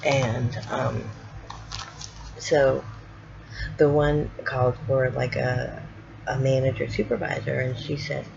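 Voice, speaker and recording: A woman's voice: rumbling low, steady tone, a little slow, creaky, pauses often, a crowd in the background. A middle-aged woman rambling through family stories in a casual vlog, with many fillers and acted-out quotes. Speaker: vlogger. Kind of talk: casual storytelling. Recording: dull lo-fi home video with noise.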